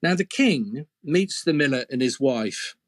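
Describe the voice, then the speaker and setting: A man's voice: mid-range voice, lively intonation, a little slow, no echo. A man storyteller telling an old fairy tale in a conversational way, with playful asides to the listener. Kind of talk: oral storytelling.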